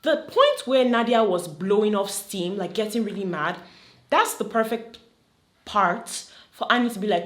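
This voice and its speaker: A woman's voice: mid-range voice, moderate pace. Chatty Nigerian woman in a roomy space. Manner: chatty and animated, drops into Nigerian Pidgin. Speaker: vlogger. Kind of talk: casual commentary to camera. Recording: roomy echo.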